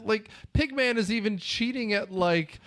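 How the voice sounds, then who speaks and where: Male podcast fill-in host, high pitch, sarcastic ranter. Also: a little slow, a bit bright. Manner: sarcastic, ranting. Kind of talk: casual podcast banter.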